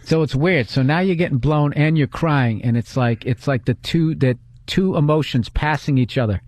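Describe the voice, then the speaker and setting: A man's voice: on the high side, normal speed, darkish tone, no echo. Brash, crude man in casual chat. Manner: brash, crude, rambling storyteller. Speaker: podcast co-host.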